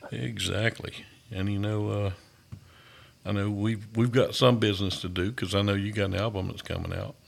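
Man, podcast host, casual interview chat, gravelly, easygoing and enthusiastic. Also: lowish voice, steady tone, normal speed.

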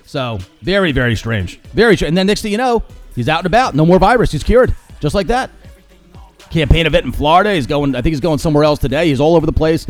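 A man hosts his own podcast, talking fast and mocking everyone in a sarcastic rant. His voice sits a bit high for a man. Soft background music plays beneath him. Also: animated. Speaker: podcast host. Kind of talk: opinionated solo commentary.

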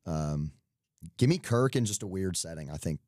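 A man's voice: deep voice, animated, normal speed, darkish tone, no room sound, clean studio sound. A young man co-hosting a podcast, chatting casually about sports picks with loose, joking asides. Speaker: podcast co-host. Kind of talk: casual sports betting chat.

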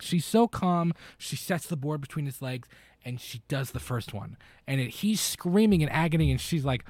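A man's voice: fairly high pitch, expressive, moderate pace, a little mellow, dry recording. A man co-hosting a podcast, retelling a film in a casual, rambling way with lots of fillers and restarts. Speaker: podcast co-host. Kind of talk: casual chat recapping a film.

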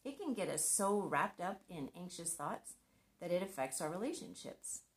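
A middle-aged woman speaks in a fairly low voice, giving a scripted devotional talk on marriage. She sounds earnest and conversational, with gentle humor. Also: lively intonation, moderate pace.

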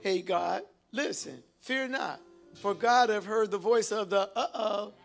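This preacher's voice is high and gravelly, his delivery a little slow, with soft music playing underneath. He reads from scripture and urges the congregation on, calling for them to answer back.

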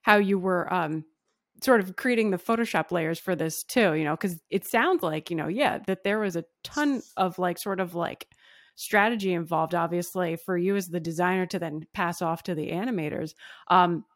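A woman's voice: on the low side, moderate pace, no echo, clean studio sound. A woman hosting a podcast interview, chatty, asking long questions full of fillers. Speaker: podcast host.

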